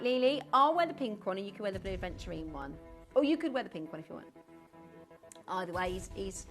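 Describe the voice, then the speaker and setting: A woman chats through a live TV shopping segment with a bubbly, giggly ease. Her pitch swings widely as she talks, and soft music plays faintly behind her. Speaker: shopping channel presenter. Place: TV studio.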